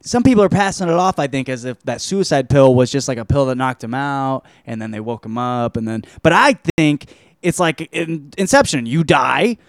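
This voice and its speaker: A man's voice: medium pitch, normal speed, dry recording, studio quality. A man hosting a podcast, reviewing a film in a loose, rambling monologue full of swearing and restarts. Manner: loose, profane, animated, trails off often.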